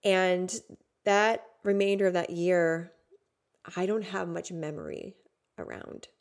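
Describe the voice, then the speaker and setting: A woman in her thirties hosting a podcast, telling a raw personal story in an intimate way, swinging from hushed to loud. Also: lowish voice, animated, slow pace. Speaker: podcast host.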